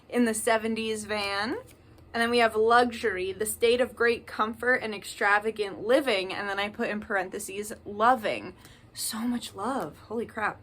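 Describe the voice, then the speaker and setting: A woman's voice: mid-range voice, normal speed, a bit bright. A woman giving a casual tarot card reading, chatty and reading card messages aloud with emphasis.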